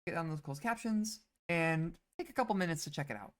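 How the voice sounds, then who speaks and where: Low-voiced woman giving a psychology lecture. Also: lively intonation, fairly quick. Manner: explanatory, with fillers and restarts. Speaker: psychology instructor. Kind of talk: recorded lecture.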